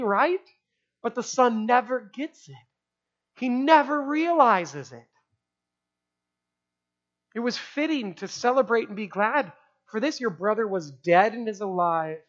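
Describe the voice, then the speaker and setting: A man preaching a sermon to a live congregation, conversational, often asking "right?" and dropping to a hushed voice for emphasis. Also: sits high. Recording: dull lo-fi sound.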